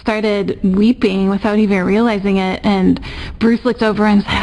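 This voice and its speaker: A woman's voice: mid-range voice, steady tone, normal speed, a little mellow, low-quality recording. A woman telling a tender personal story about her newborn, with a tearful, heartfelt manner. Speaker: interviewee, parent. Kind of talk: emotional personal recollection.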